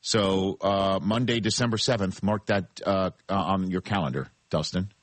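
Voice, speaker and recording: Husky-voiced sports radio host. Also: male voice, sits low, steady tone, no room sound. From New York area. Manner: brisk, teasing, runs the segment.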